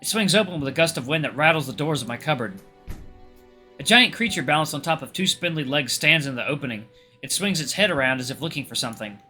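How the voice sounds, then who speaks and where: A young man reading a visual novel aloud with casual asides, expressive and lively. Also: fairly high pitch, quick pace, soft background music. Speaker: gaming YouTuber.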